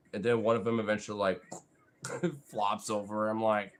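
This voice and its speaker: A young man rambles casually to his dogs, swearing freely and filling his talk with "like" and "you know". His voice sits at a middle pitch but swings up and down a lot. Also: lively intonation, a little fast. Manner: rambling, profane, full of fillers. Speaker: vlogger.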